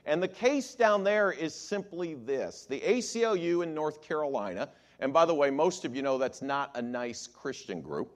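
A man whose voice sits on the high side preaches to a congregation at a moderate pace with few pauses. Taking an attorney's approach, he is animated and regularly polls his audience with "how many believe" show-of-hands questions.

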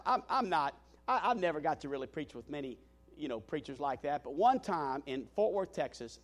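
A male pastor with a high voice preaching to his congregation. He tells stories with animated energy and pokes fun at himself. Many restarts, with "you know" scattered through. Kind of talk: sermon storytelling.

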